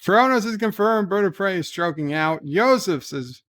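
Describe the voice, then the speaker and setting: A man hosts a relaxed livestream and reads out his chat with lively emphasis. His voice sits a little high and sounds clean and smooth. Now and then he hams up the messages as he reads them. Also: moderate pace. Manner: reads viewer messages aloud with animated emphasis. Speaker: livestream host reading chat. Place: home, talking from bed.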